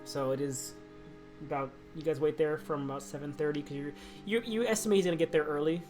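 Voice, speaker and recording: A male game master narrating a tabletop game on a live stream in a casual, chatty way. His voice sits a little high for a man, he laughs often and restarts his sentences, and soft guitar music plays quietly behind him. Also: fairly even intonation, quick pace.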